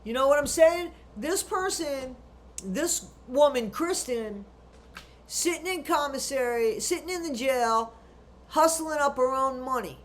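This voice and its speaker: A woman with a notably high voice delivers true crime commentary in a ranting style. She is blunt and indignant and swears freely. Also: animated, a little slow.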